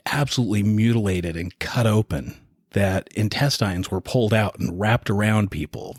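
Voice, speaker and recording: A man co-hosting a podcast, casually retelling a dark historical story in a relaxed, conversational way. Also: fairly low pitch, no echo, clean studio sound. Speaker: podcast co-host.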